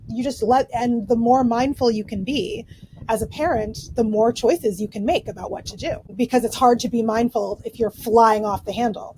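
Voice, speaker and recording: Give me a chatty woman psychologist explaining things casually, fillers everywhere, voice on the higher side. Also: mellow, slight background noise, low-quality recording. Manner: chatty, many fillers and "right?" tags. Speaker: clinical psychologist guest.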